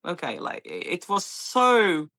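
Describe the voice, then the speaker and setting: A woman's voice: low voice, normal speed. A woman in her thirties from Brazil, speaking English with a Brazilian accent, chatting as a paramedic guest and acting out the people in her stories. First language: Portuguese. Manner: animated storyteller, acts out quoted voices, laughs often. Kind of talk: casual interview chat.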